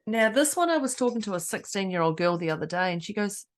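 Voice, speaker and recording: A woman co-hosting a casual mindset podcast, an animated storyteller who acts out the people she quotes. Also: mid-range voice, fast. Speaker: podcast co-host.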